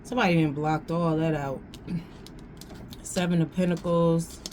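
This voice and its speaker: Woman, tarot reader, slow and unhurried, a bit low-pitched, slangy, repeats herself, casual reading. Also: fairly even intonation, darkish tone, a little hiss or hum. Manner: slangy, thinks aloud, repeats phrases.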